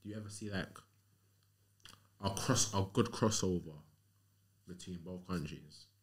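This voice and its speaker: A man's voice: low voice, a little slow. A man hosting a casual interview, asking easygoing questions and dropping slang fillers.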